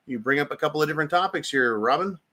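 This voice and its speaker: A fired-up middle-aged man hosts a political rant, swearing freely and slipping into sarcastic mock quotes. His voice sits a touch high for a man. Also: lively intonation, racing, bright, forceful tone. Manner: angry, profane, sarcastic mock-quoting. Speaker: political commentary host. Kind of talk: ranting political commentary.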